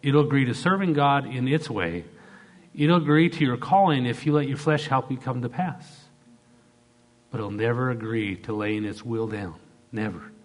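A man's voice: mid-range voice, moderate pace. A middle-aged man, a pastor, preaching an emphatic sermon and leading the congregation in call-and-response.

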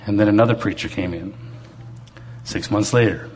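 A man's voice: lowish voice, unhurried, long pauses, slight background noise. A man preaching to a congregation, telling stories from his own life in a conversational, humorous way. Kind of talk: testimony-style sermon.

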